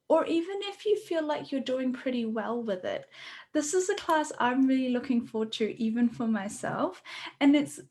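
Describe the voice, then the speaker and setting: A woman talking through her ideas in a relaxed interview. Her voice sits a little high. She explains earnestly and stops to rephrase often. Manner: earnest, explanatory, with frequent hesitations. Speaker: workshop facilitator. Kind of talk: conversational interview.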